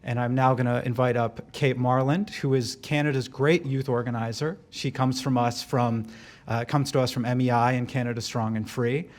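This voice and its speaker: A man giving a live speech at an event, wry and joking, with quick asides to the room. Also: mid-range voice, steady tone. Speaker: event speaker and director of an advocacy group.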